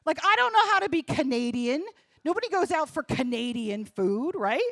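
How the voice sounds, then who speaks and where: A woman's voice: sits high, lively intonation, moderate pace, fairly bright tone, no room sound, clean studio sound. A woman from New doing stand-up comedy on a comedy club stage, punchy and self-deprecating, talking straight to the crowd. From New Jersey.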